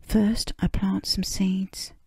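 A woman voicing a kindly old grandfather pig in a breathy whispered role-play from a storybook. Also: mid-range voice, level tone, takes it slowly, dark tone, no room sound, studio quality, exaggerated voice. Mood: gentle.

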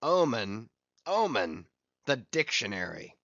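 A man voicing an obsessed old sea captain who declaims and barks orders, read slowly in an audiobook. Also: lowish voice, sing-song, gravelly, fairly bright tone, dry recording, muffled recording, heavily acted. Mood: defiant.

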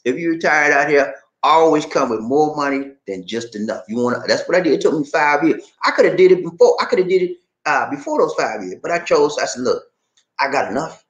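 A middle-aged man hosting a casual livestream, with a lively, swinging pitch and plenty of laughter. His folksy slang comes through the roomy echo of the space. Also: brisk, lo-fi sound. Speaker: vlog host reading live chat.

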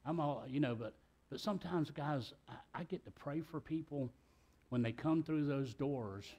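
A middle-aged pastor from South Carolina preaches a sermon in a church sanctuary. His voice sits on the high side with a dark tone and a normal pace. He's folksy and talkative, tossing in joking asides.

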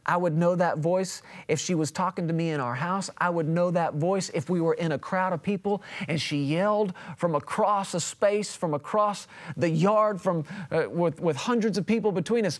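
A man in his thirties with a voice on the high side preaches a televised sermon. His style is conversational and emphatic, and his volume swings widely between loud and quiet.

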